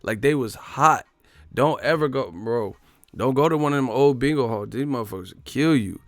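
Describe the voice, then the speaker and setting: A man's voice: mid-range voice, normal speed, no echo, studio quality. A man telling a profane, rambling comic story in casual slang. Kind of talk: casual comedic storytelling monologue.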